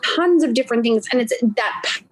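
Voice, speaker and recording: Female podcast host, husky tone, slightly high, effusive and enthusiastic interviewer. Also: animated, brisk, rough recording. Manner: effusive, enthusiastic praise with fillers.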